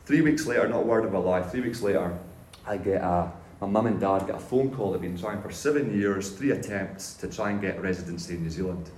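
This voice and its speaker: A pastor telling his own faith story in a sermon, animated and self-mocking, with casual slang. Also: deep voice, brisk, a little hiss or hum. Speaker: pastor giving a testimony. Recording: roomy hall echo.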